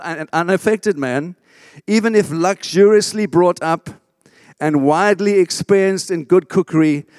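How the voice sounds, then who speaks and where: Man, pastor preaching, emphatic, call-and-response, raised pitch, dry sound. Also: a little mellow, no room sound. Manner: emphatic, asks the congregation for response. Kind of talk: sermon.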